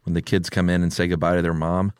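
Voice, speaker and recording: A man's voice: low voice, flat delivery, fast, darkish tone, clear, resonant tone, no room sound, clean studio sound. A man co-hosting a podcast in casual chat, dryly joking as he reads out listener submissions. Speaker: podcast co-host.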